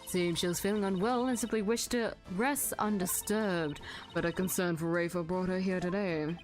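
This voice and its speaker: A woman's voice: lowish voice, fairly even intonation, soft background music, pitched below the performer's own voice, close to an everyday voice. Woman playing a cold, haughty queen. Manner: slow, stately, disdainful.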